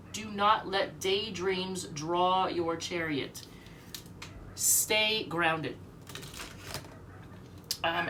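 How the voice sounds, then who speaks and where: A woman's voice: fairly low pitch, bright, forceful tone, far from the mic, a little hiss or hum. A sick, short-of-breath woman giving a rambling, chatty tarot reading at home, reading the card meanings aloud. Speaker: tarot reader.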